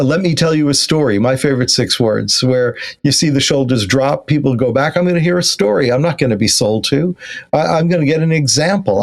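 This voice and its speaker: Gravelly male podcast host. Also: fairly high pitch. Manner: animated, many fillers and restarts. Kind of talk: conversational interview.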